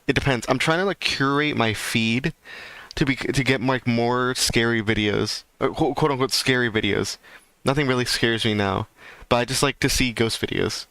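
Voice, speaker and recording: Rambling male streamer, smooth dry voice. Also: mid-range voice, normal speed, sharp tone, dry recording. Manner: rambling, ranting, heavy fillers. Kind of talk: casual livestream chat.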